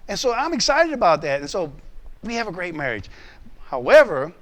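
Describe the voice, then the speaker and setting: A man's voice: high voice, very animated, a little fast. A male pastor preaching a sermon, telling a personal story with acted voices and frequent restarts.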